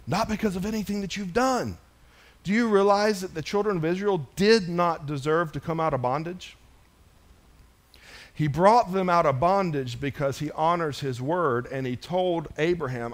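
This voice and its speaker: A man preaching a sermon, swinging between loud, emphatic lines and soft, low asides to the congregation. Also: moderate pace. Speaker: pastor.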